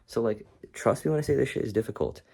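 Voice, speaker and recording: A man's voice: mid-range voice, quick pace, gravelly, dark tone, slightly rough. A man of twenty, a content creator, talking in a casual, profane, rambling way in a motivational vlog while he is groggy and tired. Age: 20s.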